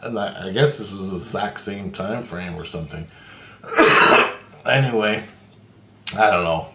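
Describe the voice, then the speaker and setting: A man's voice: deep voice, a little slow, heavy background noise. A man casually retelling a dream in a rambling, profane way, full of fillers and "he goes". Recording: roomy echo.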